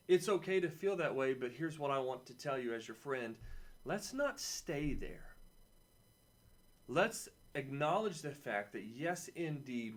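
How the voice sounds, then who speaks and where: A man teaching a weekly video lesson to children, chatting and encouraging, repeating key phrases and adding playful asides. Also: medium pitch. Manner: playful asides and personal stories. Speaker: camp teacher.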